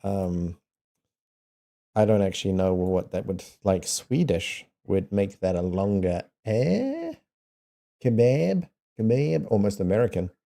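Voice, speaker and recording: A New Zealand man with a low, very dark and mellow voice chats casually with his viewers. He talks slowly and unhurriedly. He plays around with pronunciations and laughs often between lines. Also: sing-song. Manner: playful, laughs often while sounding out words. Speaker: streamer.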